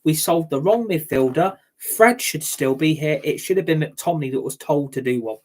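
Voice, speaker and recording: This football fan channel host has a rather high voice and talks at an ordinary speed. He is angry and ranting, his heated outburst packed with swearing.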